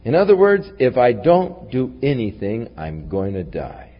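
A man preaching to a congregation, his voice rising on stressed points and dropping low and soft on asides. He is recorded with a dull, muffled sound. A long reverb fills the large hall around him. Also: wildly swooping pitch, a little slow. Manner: preaching with wide swings from raised emphasis to low, quiet asides. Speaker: pastor. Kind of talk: sermon.

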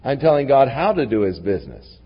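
A man preaching to a congregation, his voice rising on stressed points and dropping low and soft on asides. He is recorded with a dull, muffled sound. A long reverb fills the large hall around him. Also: big pitch swings, fairly quick, husky. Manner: preaching with wide swings from raised emphasis to low, quiet asides. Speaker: pastor. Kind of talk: sermon.

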